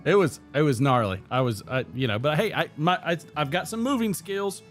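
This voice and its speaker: A man hosting a comic livestream chat, joking along with a playful, deadpan way of telling tall tales. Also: fairly high pitch, brisk, soft background music. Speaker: host.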